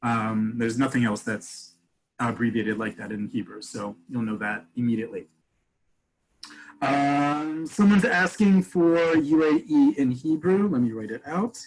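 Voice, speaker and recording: A man's voice: medium pitch, a little slow, darkish tone, rough recording. A man teaching a webinar over a video call, explaining things step by step and answering questions from the chat. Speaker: Hebrew teacher.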